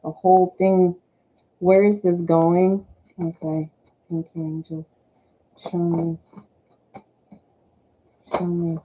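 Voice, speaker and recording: A woman's voice: on the low side, little pitch movement, slow pace, pauses often, a little hiss or hum. Giggly Southern woman reading tarot. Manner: chatty, giggly, thanks the angels softly. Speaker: tarot reader. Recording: tinny phone-like sound.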